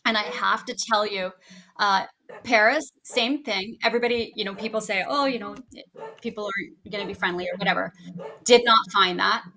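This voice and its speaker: A woman's voice: medium pitch, fairly even intonation, normal speed, pushed and bright, low-quality recording. A woman, a guest teacher chatting casually on a podcast, talking in an effusive way and often restarting her sentences. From Canada.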